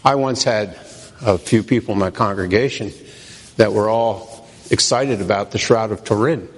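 A man preaching a sermon as pastor, slow and emphatic, asking and answering his own questions. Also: fairly low pitch, husky. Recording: long reverb of a large hall.

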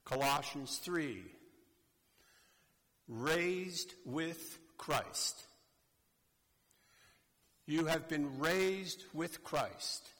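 A man preaching a sermon slowly and emphatically, addressing a congregation. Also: fairly high pitch, lively intonation, a bit bright. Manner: slow, deliberate, emphatic preaching. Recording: long hall reverb.

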